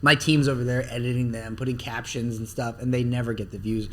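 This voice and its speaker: A man talking as a podcast guest about marketing, animated and blunt, with some swearing, acting out the things people say. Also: medium pitch, fairly quick. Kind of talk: casual podcast interview.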